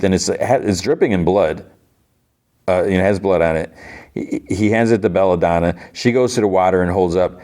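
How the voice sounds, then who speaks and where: A man's voice: sits low, darkish tone. A man hosting a podcast, casually recapping a TV episode in a chatty, filler-heavy way. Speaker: podcast host.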